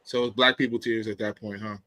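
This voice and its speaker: A man's voice: on the low side, little pitch movement, brisk, pushed and bright, dry recording. A man chatting casually, cutting in with blunt remarks. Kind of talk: casual chat.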